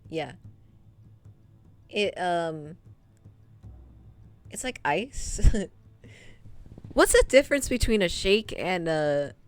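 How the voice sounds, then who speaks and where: A young woman streaming, telling a work story in casual chat, laughing often and filling pauses with ums. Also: on the low side, very animated, soft background music. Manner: chatty, laughs often, many ums and trailing asides.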